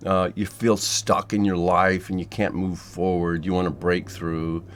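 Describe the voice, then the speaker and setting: A man teaching a spiritual technique in a loose, rambling monologue, swearing freely and filling pauses with ums and yeahs. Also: deep voice, flat delivery, slight background noise. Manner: loose and profane, rambling with many fillers. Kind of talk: casual monologue to camera.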